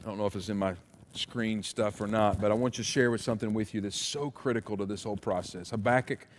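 A middle-aged man preaching a sermon as pastor, animated and emphatic with repeated refrains. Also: lowish voice, fast talker, slight background noise. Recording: long hall reverb.

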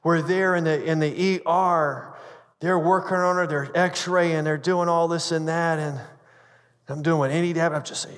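A man's voice: fairly high pitch, fairly even intonation, normal speed. A male pastor preaching a sermon and telling a personal story earnestly, often stumbling and repeating words. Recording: long reverb of a large hall.

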